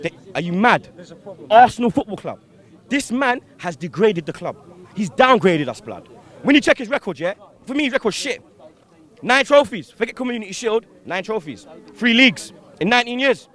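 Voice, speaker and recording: A man's voice: high-pitched, big pitch swings, normal speed, a bit bright. A young man, a football fan ranting outdoors after a match, heated and full of slang and swearing. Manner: heated, swearing, slang-heavy, rhetorical questions. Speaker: fan interviewee. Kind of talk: angry post-match fan rant.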